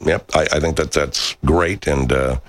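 A middle-aged man, a radio talk show host, chatting casually and answering viewer comments in a rambling, profane, animated way. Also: a bass voice, a little slow, dry recording, studio quality.

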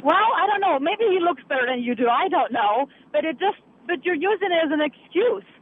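High-voiced woman calling in by phone. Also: lively intonation, fairly quick. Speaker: caller. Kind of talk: call-in chat. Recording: tinny phone line, faint hiss.

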